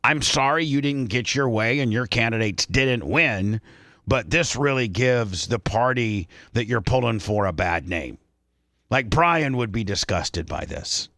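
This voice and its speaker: A man's voice: mid-range voice, animated, a little slow, pushed and bright, no room sound, studio quality. A male radio host giving opinionated, rambling commentary in a casual talk show.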